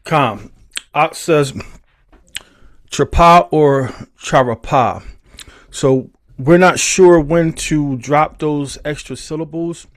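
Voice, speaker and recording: A man's voice: fairly high pitch, takes it slowly. A man teaching and leading a study group on a call, fervent and emphatic, breaking into praise. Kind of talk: leading an online group class.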